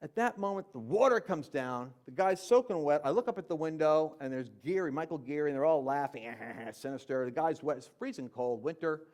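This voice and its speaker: A man with a fairly high voice recounts his own conversion story as a Christian speaker. His delivery is lively and conversational. He jumps between loud, emphatic moments and hushed, low asides. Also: brisk, few pauses. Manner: conversational with fillers and slang. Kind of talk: personal testimony storytelling.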